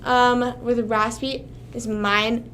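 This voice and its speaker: A woman's voice: on the high side, normal speed, a bit bright. A young woman hosting a casual livestream, rambling to her chat and swearing often. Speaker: livestream host.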